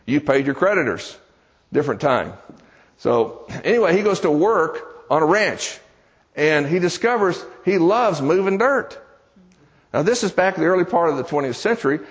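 A man preaching a sermon in a church, telling a story in a folksy, conversational way, with joking asides to the congregation. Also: on the high side. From American South. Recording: dull sound with long hall reverb.

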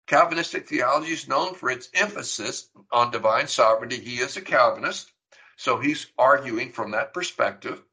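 A man's voice: mid-range voice, normal speed, sharp tone, rough recording. A middle-aged man preaching a sermon, teaching earnestly and emphatically, with rhetorical questions. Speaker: pastor.

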